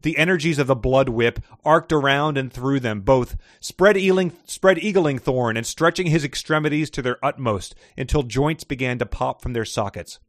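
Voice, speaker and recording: A man's voice: medium pitch, normal speed, few pauses, no room sound. Male podcast host, dry close mic, reads prose dramatically, laughs easily. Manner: reads passages expressively, laughs often. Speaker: podcast host reading excerpts. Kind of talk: casual chat with dramatic readings.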